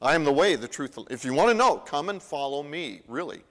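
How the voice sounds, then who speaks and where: Guy preaching in a big church, kinda high voice, chatty, acts out the bible lines, long echo. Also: lively intonation, fairly quick, fairly bright tone. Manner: conversational, acts out the Bible dialogue. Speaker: pastor. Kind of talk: sermon. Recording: long reverb of a large hall.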